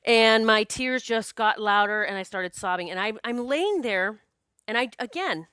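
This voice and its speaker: A woman podcast host and psychic medium telling a personal story in a casual, animated, earnest way, with many restarts and quoted self-talk. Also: on the high side, a little slow, clear, resonant tone, no echo, clean studio sound. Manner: spiritual, earnest.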